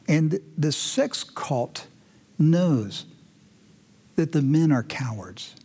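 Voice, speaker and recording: A man hosting a commentary show, talking indignantly and moving between heated outbursts and hushed, emotional passages. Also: on the high side, expressive, extremely slow, pauses often, breathy edge. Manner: indignant, swings from loud ranting to hushed emotional. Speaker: host.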